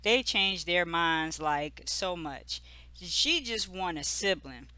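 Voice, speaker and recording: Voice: medium pitch, animated, takes it slowly, bright, forceful tone, no room sound. A host giving a casual, gossipy episode recap, full of "like" and "you know". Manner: chatty, filler-heavy storytelling with lots of "like" and "you know"; amused, gossipy asides.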